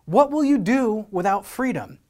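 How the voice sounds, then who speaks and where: A male preacher quoting a defiant medieval rebel leader as he rallies his troops in an impassioned, loud delivery. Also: high-pitched, very animated, normal speed, voice pushed up. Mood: rousing.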